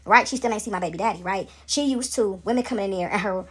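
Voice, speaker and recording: A woman's voice: medium pitch, quick pace, husky. A young woman telling a story to her viewers in a casual, chatty way, tagging her sentences with "right?" and "y'all", shaken up by what she is describing. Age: young adult. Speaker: vlogger.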